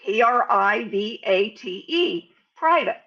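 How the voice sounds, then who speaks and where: An American woman giving a sales speaking lesson, over-enunciating example words in a deliberate, teaching manner. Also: on the high side, animated, a bit bright, dull audio. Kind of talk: instructional talk to camera.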